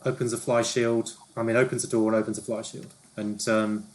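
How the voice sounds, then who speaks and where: A man narrating a tabletop game as game master, halting often with ums and restarts. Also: fairly low pitch, level tone, a little mellow. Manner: hesitant, lots of ums and restarts.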